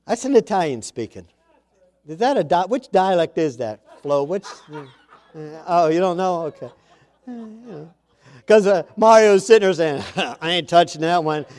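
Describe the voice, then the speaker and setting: Higher-voiced man preaching a chatty sermon. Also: animated, normal speed, a little mellow. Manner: conversational, chatty asides to the congregation; emphatic, repeats key words. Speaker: pastor.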